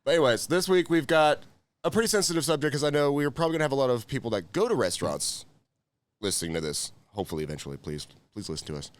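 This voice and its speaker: A man's voice: mid-range voice, expressive, very fast. A man hosting a casual podcast, laughing, swearing and joking with friends. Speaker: podcast host.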